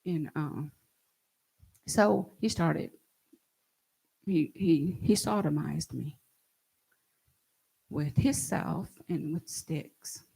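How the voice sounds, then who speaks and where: Woman, gravelly and husky, earnest and halting personal account. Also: deep voice, dark tone, rough recording. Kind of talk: recounting a personal story.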